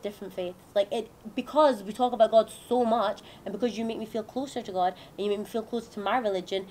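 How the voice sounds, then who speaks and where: Woman, pregnant, casual chat host, rapid talk, light background hiss. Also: mid-range voice, fairly even intonation, mellow, low-quality recording. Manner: fast, chatty, laughs often, repeats "do you know what I mean". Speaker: channel host.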